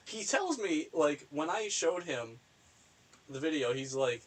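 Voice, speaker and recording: A man's voice: on the high side, big pitch swings, slow, low-quality recording. Rambling young man on a casual podcast. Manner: rambling, laughs often, trails off with fillers. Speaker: podcast co-host. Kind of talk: casual chat.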